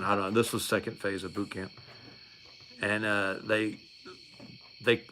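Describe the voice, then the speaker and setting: A man's voice: lowish voice, sharp tone, slight background noise. A middle-aged man telling a story in a casual, rambling, wry way, with many fillers and restarts.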